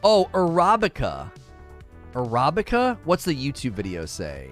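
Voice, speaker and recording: A man's voice: medium pitch, wildly swooping pitch, a little slow, soft background music. Casual man chatting on stream. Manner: rambling, reads chat aloud, many restarts. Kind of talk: casual live-stream chat.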